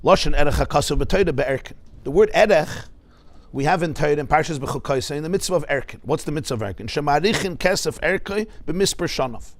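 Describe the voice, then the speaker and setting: Male rabbi teaching a class, slightly high-pitched, explanatory tone. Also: quick pace. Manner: explanatory, lively teaching with Hebrew terms and questions to listeners. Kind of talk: Torah lecture.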